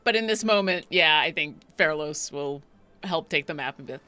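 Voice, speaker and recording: A woman's voice: low voice, normal speed, sharp tone. A woman playing a tabletop role-playing game, speaking in broken, thinking-aloud phrases. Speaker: player. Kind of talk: casual tabletop game play.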